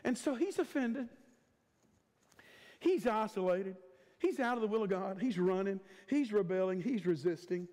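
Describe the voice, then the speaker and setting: A man's voice: sits high, expressive, normal speed, pauses often, a little mellow. A man in his fifties preaching a sermon as a guest preacher, with an emphatic, repetitive cadence and stretched-out words. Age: 50s. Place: church sanctuary. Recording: long church hall reverb.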